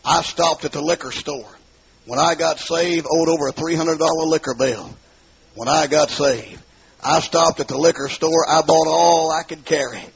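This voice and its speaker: A middle-aged man telling his testimony as a sermon, in an emphatic storytelling style that rises into shouts, on a dull lo-fi recording. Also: on the high side, steady tone, moderate pace. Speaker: preacher giving testimony.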